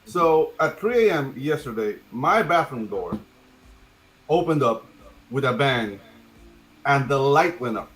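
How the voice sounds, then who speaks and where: A man's voice: medium pitch, animated, a little slow, pauses often, fairly bright tone. A man in a casual panel chat, earnestly building up a spooky personal story.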